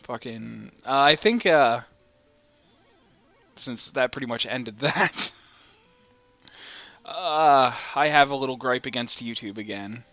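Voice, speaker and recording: Bright, crisp-voiced casual gamer man. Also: mid-range voice, takes it slowly, long pauses, no echo, soft background music. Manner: rambling, profane and self-mocking. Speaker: let's play co-host. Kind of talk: casual gaming chat.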